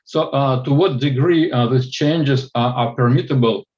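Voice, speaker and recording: A man's voice: mid-range voice, moderate pace, a little mellow, muffled recording. A man moderating a lecture, reading out a listener's question with many hesitations.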